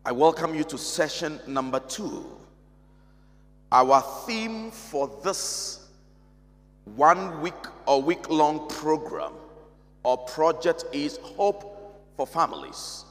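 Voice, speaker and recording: A male pastor preaching a sermon in a large church, measured and emphatic, repeating key phrases. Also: on the high side, expressive, fairly bright tone. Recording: long reverb of a church hall.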